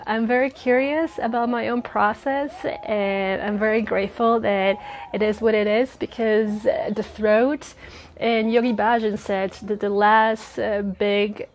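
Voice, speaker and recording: A woman's voice: mid-range voice, slight background noise. A woman in her thirties, a native Spanish speaker with a slight lisp, talking casually and earnestly to her viewers, rambling a little and laughing often. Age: 30s. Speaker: spiritual vlogger. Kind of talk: casual personal talk. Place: outdoors near a road. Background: passing cars.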